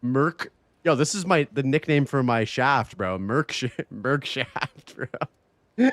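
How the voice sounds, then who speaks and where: Excitable male game streamer, dry sound. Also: medium pitch, takes it slowly, no echo. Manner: loose and excitable, swears, reads chat aloud. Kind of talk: casual live-stream chat while gaming.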